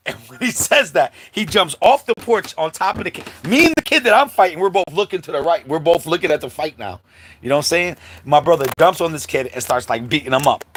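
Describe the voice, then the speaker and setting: A man hosting a livestream, telling a childhood story in a casual, animated way and acting out the quotes, with many asides to the listeners. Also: on the high side, fast talker, slight background noise. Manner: animated storyteller, acts out quotes, many "you know what I'm saying" asides. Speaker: host. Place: livestream setup.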